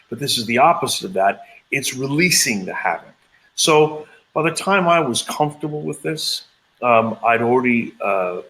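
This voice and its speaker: Guy in his 50s telling his story, lowish voice, lots of uhs and acted-out quotes. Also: a bit bright, low-quality recording. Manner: rambling, many hesitations and acted-out quotes. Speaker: intuitive channeler, interview guest. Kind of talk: personal storytelling in an interview.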